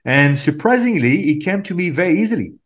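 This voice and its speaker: A man's voice: on the high side, fairly quick. Man with a French accent. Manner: lively anecdotal storytelling. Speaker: actor, podcast guest. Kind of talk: casual interview chat.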